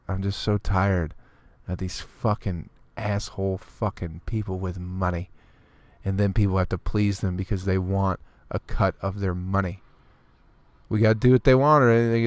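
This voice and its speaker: Low, dry-voiced man ranting profanely. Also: clear, resonant tone, dry recording. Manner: mimics people in a snooty clipped voice. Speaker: comedian podcast host. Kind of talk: solo podcast rant. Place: on tour, recording alone.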